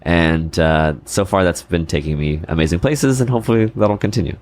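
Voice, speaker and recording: A man's voice: sits low, brisk, a little mellow. A middle-aged man, a comedian guest on a podcast, talking casually with many fillers and restarts.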